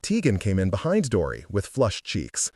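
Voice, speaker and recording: A man narrating an audiobook in an animated, expressive way. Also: fairly low pitch, moderate pace, slightly rough, no echo, clean studio sound. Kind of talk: scripted narration.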